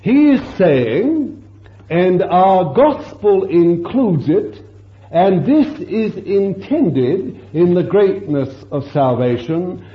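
A man preaching a fervent sermon, breaking into exclamations of praise and asking his listeners rhetorical questions. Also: sits high. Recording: echoey dull lo-fi sermon recording.

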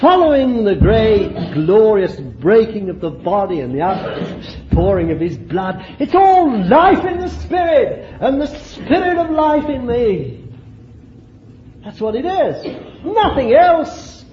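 A man's voice: high voice, very animated, takes it slowly, highs cut off, a little hiss or hum. A man preaching a fervent sermon, exclaiming and laughing between points.

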